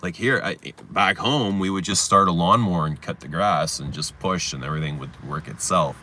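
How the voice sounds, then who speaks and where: Low, bright-voiced man telling stories. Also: normal speed. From Canada. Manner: animated, laughing often, swearing, acting out shouts. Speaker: livestream host. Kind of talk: casual storytelling chat.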